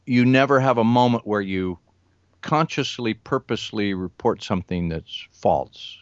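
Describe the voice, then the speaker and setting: A man's voice: lowish voice, no room sound. An older man in his sixties speaks earnestly, falling back on restarts as he builds a story. His voice comes across dry and close, on dull, lo-fi audio. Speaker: television news reporter and remote viewer. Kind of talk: conversational interview talk.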